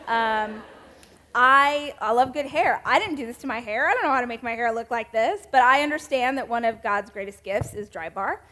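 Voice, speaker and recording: A woman's voice: fairly high pitch, normal speed, sharp tone. A woman in her thirties with a Southern American accent, giving a chatty, self-mocking sermon talk to a women's church group. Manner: chatty, self-mocking, with laughs and playful asides.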